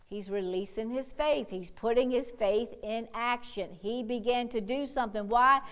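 A woman preaching a sermon with fervor, whooping and calling out hallelujahs, swinging from quiet asides to loud, bold exhortation. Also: fairly high pitch, normal speed, clear, resonant tone. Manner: fervent, punctuated by whoops and hallelujahs.

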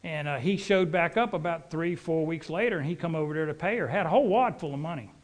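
A man's voice: fairly high pitch, fast talker. A middle-aged man, preaching a sermon as a folksy, rambling storyteller.

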